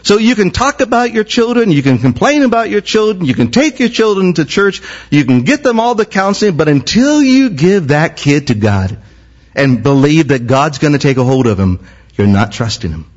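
A man's voice: a little high, very animated, moderate pace. A man, a senior pastor, preaching a sermon with an impassioned, repetitive cadence. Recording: muffled lo-fi recording.

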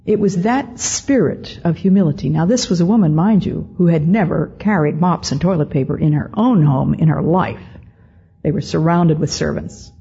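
An older woman giving a storytelling talk to an audience, speaking in a measured, deliberate way with frequent pauses. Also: low-pitched, creaky, dark tone, husky. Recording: dull lo-fi recording.

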